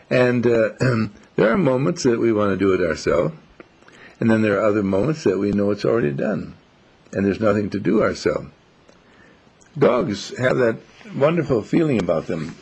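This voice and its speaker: A man giving a slow, musing, reflective monologue, telling stories as he goes. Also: on the low side, creaky, darkish tone, husky. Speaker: speaker.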